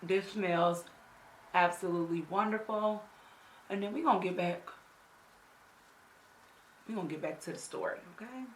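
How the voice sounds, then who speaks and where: A woman's voice: mid-range voice, normal speed, long pauses, slight background noise. A woman in her thirties telling a story while doing her makeup. She talks bluntly, swears, and drives home her points with repeated "okay?". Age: 30s. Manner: emphatic storyteller, tags lines with "okay?"; blunt, salty slang and swearing. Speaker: beauty vlogger. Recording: roomy echo.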